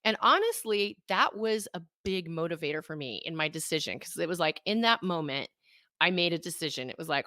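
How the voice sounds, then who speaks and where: A woman in her thirties, a guest on an interview, telling a candid personal story with animated, self-mocking delivery. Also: lowish voice, fairly quick, no echo, clean studio sound. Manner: animated, acts out her own past thoughts in quotes. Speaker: interview guest, life coach.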